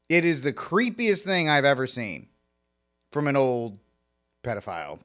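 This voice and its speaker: Animated man hosting talk radio. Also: on the high side, normal speed, smooth. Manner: animated, sarcastic asides. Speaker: radio talk show host.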